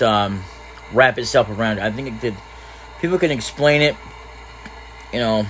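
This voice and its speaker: A man's voice: mid-range voice, moderate pace, a bit bright, slight background noise, poor audio. A man casually commentating a game he plays, rambling and trailing off between thoughts. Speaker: gaming channel host. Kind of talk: casual let's-play commentary.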